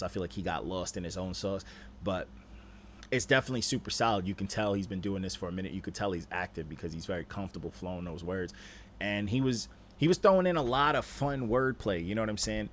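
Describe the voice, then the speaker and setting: A man's voice: low-pitched, slight background noise. Laid-back man judging rap verses. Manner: animated, laid-back slang, repeats "you know what I'm saying". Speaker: rap judge and stream host. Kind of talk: casual critique of rap submissions.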